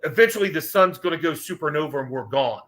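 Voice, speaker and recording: Older man, bright tense voice, slightly high, earnest and rambling, podcast guest. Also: expressive, fast. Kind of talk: casual podcast conversation.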